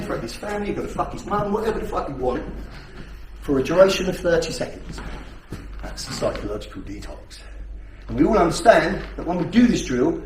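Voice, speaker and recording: Blunt, swearing instructor in an echoey hall. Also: male voice, high-pitched, a little hiss or hum. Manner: blunt, heavily profane, rhetorical questions. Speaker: self-defence instructor. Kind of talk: teaching a class. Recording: echoey hall, distant mic.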